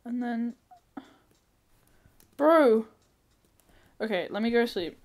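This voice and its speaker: Speaking slowly in a slightly high voice, a woman gamer narrates a let's-play in a relaxed way. Thinking aloud as she goes, she swears liberally and lets out sudden squeals of excitement.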